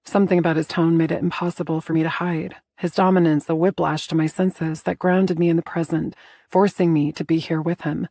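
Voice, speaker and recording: A woman narrating a first-person romance audiobook in a soft, intimate storytelling manner. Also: sits low, flat delivery, fairly quick, no room sound, studio quality.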